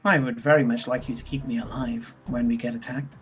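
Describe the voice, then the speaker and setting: Man doing a ship ai voice, formal, polite, measured, mid pitch. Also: fairly even intonation, faint music behind, close to an everyday voice. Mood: dry, formal.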